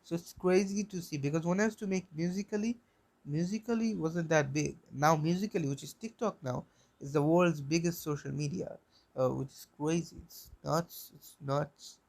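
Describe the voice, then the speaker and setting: A man's voice: on the high side, normal speed, gravelly, darkish tone. A young man hosting a solo podcast, rambling, repeating himself and swearing bluntly. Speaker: podcast host.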